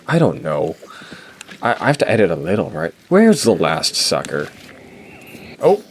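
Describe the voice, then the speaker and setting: Low-voiced rambling young gamer. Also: male voice, gravelly, darkish tone. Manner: rambling, self-interrupting, frequent stutters and fillers. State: voice cracking, hiccups. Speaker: gaming channel host. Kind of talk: casual gameplay commentary. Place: home, late at night.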